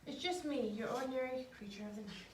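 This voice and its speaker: A woman's voice: sits high, fast, lightly acted. A woman reading aloud and voicing a grand male comic-book vampire in a grandiose, theatrical way. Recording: echoey room, distant mic, faint noise.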